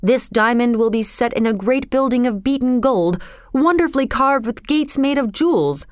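A woman doing a loud, arrogant rich man. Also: fairly high pitch, expressive, normal speed, dry recording, clean studio sound, voice pushed up, natural voice. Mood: bargaining. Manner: loud, commanding, condescending. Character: arrogant wealthy man bargaining with God.

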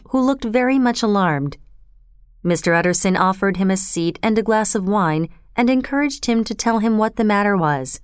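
Woman reading an audiobook, steady and clear, dry close sound. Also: mid-range voice, dry recording. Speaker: audiobook narrator. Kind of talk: scripted narration.

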